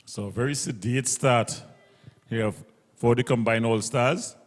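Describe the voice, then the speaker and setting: A man calling a local cricket match ball by ball, brisk and methodical as he walks through the field placings. His voice trails a long reverb. He sits at a mid pitch. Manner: brisk, describes field placings, self-corrects. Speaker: cricket commentator. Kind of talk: live ball-by-ball commentary. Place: local cricket ground broadcast.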